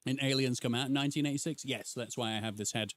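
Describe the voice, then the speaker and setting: A man's voice: medium pitch, fairly even intonation, quick pace, fairly bright tone, no room sound. A man in his thirties doing live gameplay commentary, bantering playfully and teasing his chat. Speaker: streamer.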